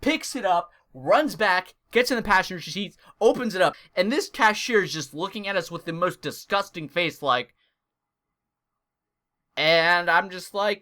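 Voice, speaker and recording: A young man hosting a vlog, telling a funny story in an animated, comic way. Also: sits high, a little slow. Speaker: gaming channel host.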